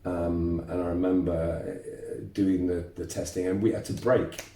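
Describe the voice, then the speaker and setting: A man, telling lively stories as a martial arts instructor guest, repeating words as he goes. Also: sits low, unhurried, distant mic. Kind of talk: casual interview storytelling. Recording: roomy echo, voice off-mic.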